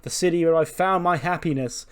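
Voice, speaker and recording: A man voicing a boastful, giddy male wrestling champion who swears and whoops, pitched well above his own voice. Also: a little fast, clear, resonant tone, natural voice. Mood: gleeful bragging.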